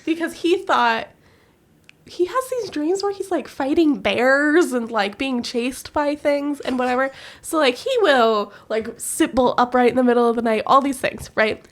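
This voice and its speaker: A woman co-hosting a podcast, telling animated stories in casual chat and laughing often. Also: high voice, unhurried. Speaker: podcast co-host. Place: US-born living in Korea.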